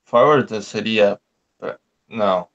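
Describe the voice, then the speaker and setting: Slow-talking Brazilian man, muffled. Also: lowish voice, fairly bright tone. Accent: Brazilian Portuguese. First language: Portuguese. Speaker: guest. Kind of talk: casual bilingual chat.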